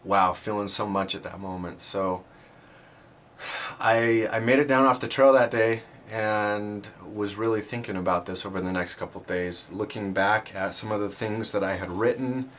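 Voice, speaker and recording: Man, lower-pitched, earnest storyteller who laughs at himself, halting delivery, light background hiss. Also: fairly bright tone. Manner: earnest and self-deprecating, with halting restarts. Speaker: speaker sharing a personal faith story. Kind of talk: personal storytelling talk.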